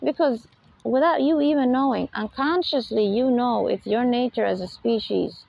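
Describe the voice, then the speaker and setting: A woman's voice: fairly high pitch, moderate pace, gravelly, no echo, lo-fi sound. A woman giving an unscripted spiritual lecture, emphatic and full of rhetorical questions, often laughing between points. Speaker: spiritual talk host.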